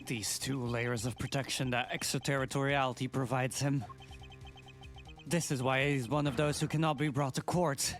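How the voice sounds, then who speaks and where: A man voicing a serious, composed male prosecutor, speaking in a measured, grave way. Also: mid-range voice, fairly even intonation, soft background music, natural voice.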